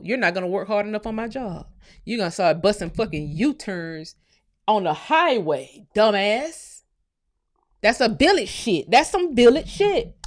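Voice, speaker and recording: A woman vlogger with a somewhat high voice rants straight to her audience. She is heated and profane, dropping to a low mutter and then rising to a shout. She is from the United States. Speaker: channel host. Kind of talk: ranting commentary vlog.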